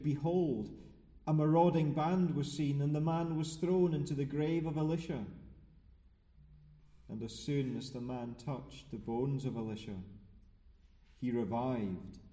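A man preaching a sermon in a church, reading scripture aloud and then explaining it in a measured, solemn way. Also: mid-range voice, warm tone, far from the mic. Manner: slow, measured, solemn delivery. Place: church sanctuary. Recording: reverberant church hall.

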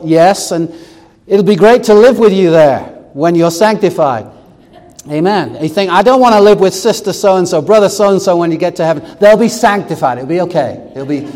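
A man's voice: high-pitched, normal speed, darkish tone, in a large hall. A man preaching a sermon, reading scripture aloud and explaining it verse by verse with touches of humor.

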